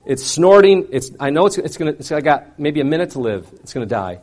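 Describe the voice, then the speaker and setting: A man preaching, telling a personal story in an animated way with wide swings between loud and quiet. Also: a little high, quick pace, few pauses. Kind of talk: sermon storytelling.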